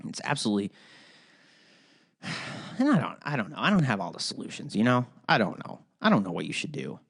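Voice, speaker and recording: Casting note: male podcast host, lively pitch, swearing rants, trips over words. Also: a little fast, gravelly, breathy edge. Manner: animated, profane, rambling ranting with frequent restarts. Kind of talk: solo podcast rant.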